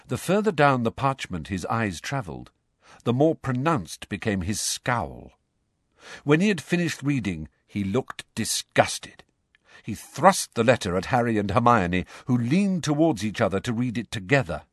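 A man narrating a storybook in a measured, expressive way. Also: medium pitch, no room sound, clean studio sound. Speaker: audiobook narrator.

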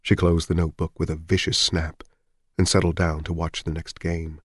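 Male audiobook narrator, very deep voice, dry close recording, measured and somber delivery. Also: little pitch movement, no echo. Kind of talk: scripted narration.

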